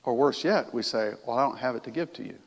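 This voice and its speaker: A man's voice: medium pitch, fast, vocal fry. A middle-aged man preaching a sermon in a church, talking conversationally and asking the congregation questions. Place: church sanctuary. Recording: long church reverb.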